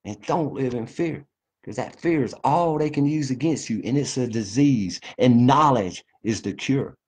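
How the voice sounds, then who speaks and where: A man's voice: medium pitch, moderate pace, a little mellow, husky. A man delivering a fervent, profane, folksy monologue to his viewers. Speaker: vlogger. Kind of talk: impassioned monologue to camera.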